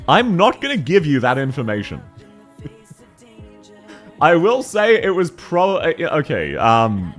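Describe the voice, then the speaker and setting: A young Australian man streaming a game, chatting casually, teasing his chat, swearing and laughing often. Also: fairly high pitch. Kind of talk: casual live-stream chat while playing.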